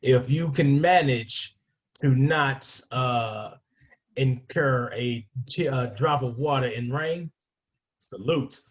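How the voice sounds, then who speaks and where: A man's voice: medium pitch, takes it slowly, breathy edge, highs cut off. A man co-hosting a podcast interview over a video call, easygoing and friendly, calling his guest "brother". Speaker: co-host.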